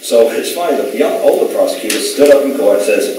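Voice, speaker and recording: A man with a lowish voice tells animated stories at a talk, slipping into other people's voices as he goes. He is picked up from a distance in a very echoey hall. A faint hiss of noise sits under the recording. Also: a little fast, few pauses. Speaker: speaker at a talk. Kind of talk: storytelling lecture. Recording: far, echoey hall mic.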